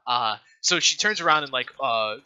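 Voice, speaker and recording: A man runs a tabletop game, describing scenes in a very bright, lively voice that rises and falls a lot. He talks haltingly, filling pauses and restarting his sentences. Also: mid-range voice, clear, resonant tone, dull audio. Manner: halting, many fillers and restarts. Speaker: game master.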